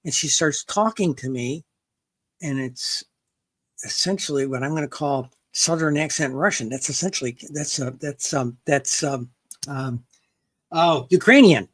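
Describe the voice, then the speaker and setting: A woman's voice: sits low, a little slow, husky. An older woman guest in a casual interview, rambling with frequent restarts and "okay" checks. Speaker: guest researcher and author.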